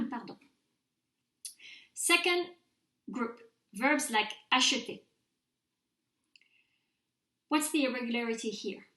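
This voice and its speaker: A woman's voice: on the high side, animated, takes it slowly, long pauses, a bit bright, roomy sound. A woman teaching a recorded French grammar mini-lecture, patiently modelling pronunciation for her students to repeat.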